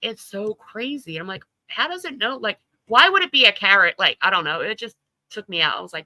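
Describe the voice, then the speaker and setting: A woman's voice: mid-range voice, animated, a little fast, pushed and bright, no room sound, poor audio. A woman hosting a casual livestream chat, talking loosely, laughing often and swearing freely. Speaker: livestream host.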